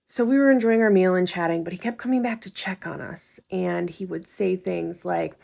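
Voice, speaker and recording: A woman's voice: lowish voice, moderate pace, gravelly, darkish tone. A woman casually telling a personal story in a wry, conversational way. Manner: wry, conversational, acts out quotes.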